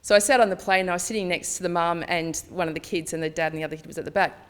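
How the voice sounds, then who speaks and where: A woman's voice: fairly low pitch, steady tone, rapid-fire, clean tone. A woman giving a candid conference talk, chatty and acting out dialogue as she tells personal stories. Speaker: conference speaker. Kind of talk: personal storytelling presentation.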